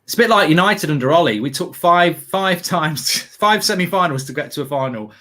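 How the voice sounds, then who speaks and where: Animated ranting male football host. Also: a little high, fairly quick. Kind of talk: live football watchalong banter.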